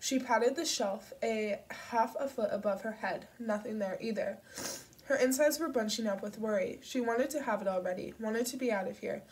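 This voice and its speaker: A woman narrating an audiobook in a steady, measured storytelling manner. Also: on the high side, far from the mic, low-quality recording. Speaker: audiobook reader.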